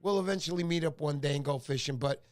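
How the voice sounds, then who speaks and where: A man's voice: fairly high pitch, fast talker, faint music behind. A middle-aged man hosting a casual fishing livestream, chatty and joking as he greets viewers by name. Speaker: fishing show host. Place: home livestream.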